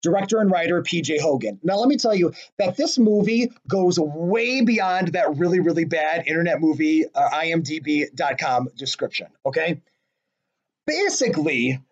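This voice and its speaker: A man with a notably high-pitched voice talks through his favorite movies in a relaxed conversation. He gushes, pokes fun at himself, and breaks into laughter often. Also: highs cut off. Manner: gushing and self-deprecating, laughs often. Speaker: podcast co-host. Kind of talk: casual chat about favorite movies.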